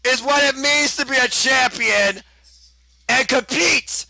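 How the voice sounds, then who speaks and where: A man calling a wrestling match live, in rapid, excited play-by-play. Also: very high voice, creaky, dry recording, poor audio. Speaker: play-by-play commentator. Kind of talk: live wrestling watch-along commentary.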